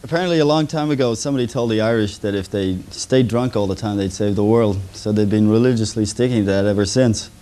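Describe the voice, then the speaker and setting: A man's voice: lowish voice, fast, hardly any pauses, background noise. A man doing stand-up comedy on a 1980s local television show, telling jokes and mimicking drunk characters in them.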